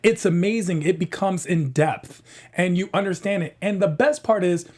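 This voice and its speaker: A man co-hosts a casual TV recap chat, animated and eager. His voice sits notably high for a man. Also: normal speed. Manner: enthusiastic, animated. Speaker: co-host.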